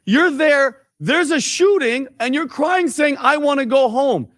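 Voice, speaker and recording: A man's voice: extremely high pitch, a little slow, a bit bright, dry recording, studio quality. A man on a panel in a played clip, giving his opinion bluntly and insistently.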